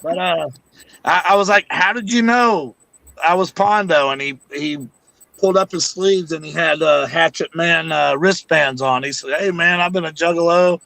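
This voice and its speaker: A man's voice: a little high, moderate pace, vocal fry, bright, forceful tone, dry recording. A man telling funny, profane stories in a casual podcast chat, as a guest who used to wrestle. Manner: profane, joking anecdote teller.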